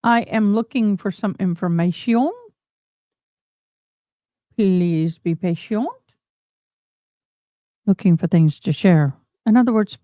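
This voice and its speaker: A woman's voice: mid-range voice, slow, long pauses, mellow, no room sound, studio quality. A woman hosting a casual live stream, chatting and rambling to her viewers, calling them y'all. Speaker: livestream host commenting on court trials.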